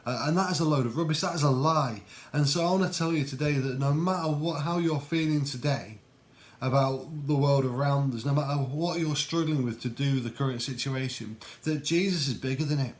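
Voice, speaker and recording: A man's voice: medium pitch, fairly quick. Earnest man, reflective talk. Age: adult. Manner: earnest and reflective, with frequent ums and restarts. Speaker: Christian video host. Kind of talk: casual devotional talk.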